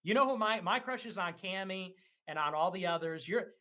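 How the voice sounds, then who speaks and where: A man's voice: high voice, lively intonation, fairly quick, sharp tone. A man arguing on a livestream, taunting and mocking his opponent with plenty of swearing. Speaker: livestream debater. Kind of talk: heated livestream argument.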